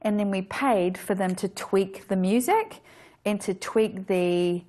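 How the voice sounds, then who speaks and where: A woman's voice: medium pitch, slow pace, mellow. Woman photographer, casual teaching talk, chatty and self-correcting, mid-range voice. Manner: chatty, restarts and self-corrections, laughs easily. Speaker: photographer presenting a workshop.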